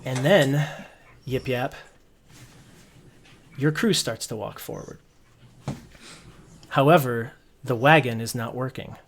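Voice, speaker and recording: A man narrating as game master, relaxed and rambling with many restarts. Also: medium pitch, takes it slowly, pauses often, noisy background.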